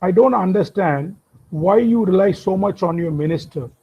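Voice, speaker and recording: An insistent, pleading queen, put on by a man, coaxing her husband on her brother's behalf. The voice is husky and sits fairly high. The audio is dull and lo-fi. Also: moderate pace, warm tone, heavily acted.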